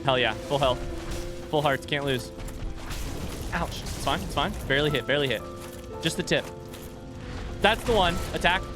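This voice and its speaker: Playing a game on a live stream, this man chatters to himself and his viewers, breaking into excited yelps and shouts whenever something nearly goes wrong. His voice sits on the high side at a moderate pace with long pauses, and music plays clearly behind him.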